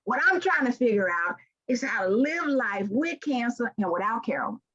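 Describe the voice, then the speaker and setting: Very animated and a bit bright, her slightly high voice moving at a moderate pace, an older Southern woman from Memphis, Tennessee delivers a folksy, heartfelt motivational keynote. The recording has a dull, lo-fi quality.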